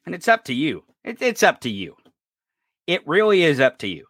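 A man's voice: fairly high pitch, huge pitch swings, moderate pace, a bit bright, no room sound. A man hosting a podcast, delivering an angry, profane political rant. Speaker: podcast host.

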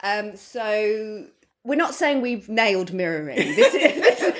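A woman's voice: medium pitch, sing-song, slow pace. A woman co-hosting a podcast, talking through astrology in a rambling, casual way and laughing often. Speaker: podcast co-host.

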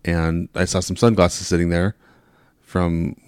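A man who works airport ramp jobs, talking slowly and laid-back in casual chat. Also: sits low, flat delivery, a little mellow, clear, resonant tone, no echo, clean studio sound. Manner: slow, laid-back, brief replies.

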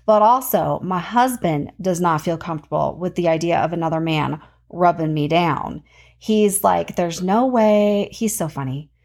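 A gravelly-voiced woman in her thirties hosts a podcast, chatting casually about her week at a moderate pace. She tells it all with animation, and her pitch shoots up in excited moments.

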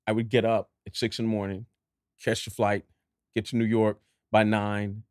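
A middle-aged man from Dallas, an actor guest in an interview, telling stories in an animated way and acting out other people's voices. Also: on the low side, normal speed, no echo, clean studio sound. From Dallas, Texas. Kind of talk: storytelling interview.

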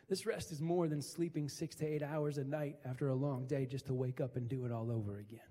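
A man's voice: on the high side, warm tone, in a large hall. A middle-aged man preaching a sermon as pastor, building emphasis through repeated phrases. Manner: preaching with rising, emphatic repetition.

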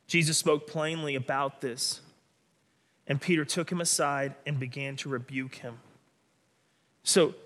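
A man delivering a sermon as pastor, preaching in an animated, dramatic way with sudden emphatic bursts. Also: mid-range voice.

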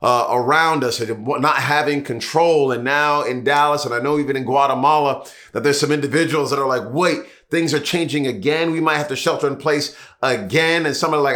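A man preaching a sermon in a bright, forceful voice. He leans on rhetorical questions and repeats key lines slowly to drive them home. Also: a little high, fairly even intonation. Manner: repetitive preaching cadence, rhetorical questions, drawn-out emphasis. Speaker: pastor.

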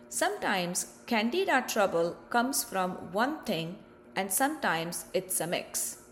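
A woman host talks listeners through a health topic in a scripted, explanatory way, often turning to them with rhetorical questions. Her delivery is slow and measured at an ordinary mid-range pitch. A light hiss of background noise runs beneath her voice.

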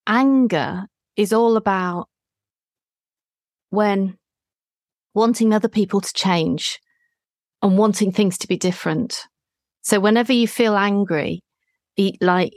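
Gentle female therapist, dry close sound. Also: mid-range voice, unhurried, no echo. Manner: gentle, reflective, guiding. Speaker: therapist and podcast host. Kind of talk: therapy session dialogue.

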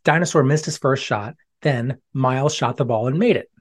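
Gentle children's storybook narrator. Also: medium pitch, moderate pace.

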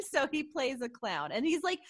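A woman co-hosting a podcast, recapping a show in casual chat, giggly and animated with many fillers. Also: sits high, unhurried. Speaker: podcast co-host.

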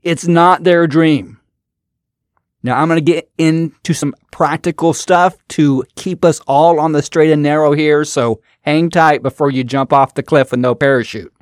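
A man's voice: a little high, steady tone, normal speed, few pauses, darkish tone, dry recording, clean studio sound. A man hosting his own podcast, giving an emphatic, repetitive motivational talk as a coach.

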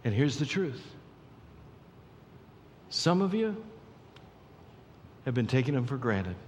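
A man preaching a sermon as pastor, swinging between hushed, slow lines and loud, excited bursts. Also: medium pitch, slight background noise. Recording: long hall reverb.

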